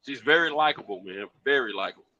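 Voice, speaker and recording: A man's voice: medium pitch, lively intonation, fast, sharp tone, dull audio, slight background noise. A man co-hosting a late-night chat, laid-back, often repeating words as he searches for them.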